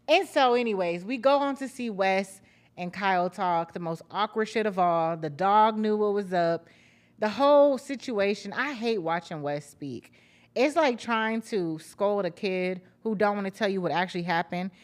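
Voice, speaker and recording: A young woman with a medium-pitched voice and normal speaking speed hosts a casual podcast recapping reality TV. Her commentary is blunt, profane, and sarcastic.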